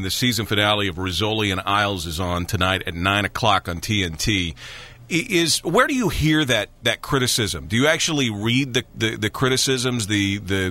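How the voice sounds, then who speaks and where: A man's voice: on the low side, bright, forceful tone. A man hosting a radio interview, chatty, with stumbling restarts. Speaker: radio show host.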